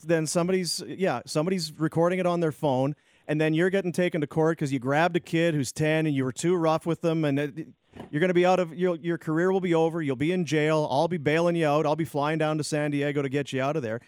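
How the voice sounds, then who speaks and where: Teasing radio man, slightly high voice. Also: fairly even intonation, fast, darkish tone, dry recording, studio quality. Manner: teasing, joking. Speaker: radio co-host. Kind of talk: casual radio banter.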